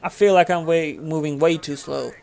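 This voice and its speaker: A man's voice: fairly high pitch, fairly even intonation, normal speed, gravelly, darkish tone. A man from Turkey speaking English with a Turkish accent, giving rambling casual commentary over his gameplay, full of fillers. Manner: rambling, filler-heavy, chatty. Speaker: gaming channel host.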